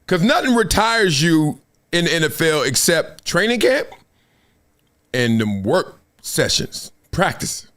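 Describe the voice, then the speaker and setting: Man, middle-aged, host, casual live-stream talk, high voice, lively swinging pitch, animated storyteller. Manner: animated storytelling, acts out quotes, laughs often, swears.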